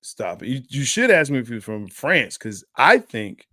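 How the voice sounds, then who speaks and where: A man's voice: mid-range voice, big pitch swings, moderate pace, sharp tone, no room sound, studio quality. A man co-hosting a sports show, in a casual, joking, trash-talking chat with laughs. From Dallas area. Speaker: sports podcast co-host.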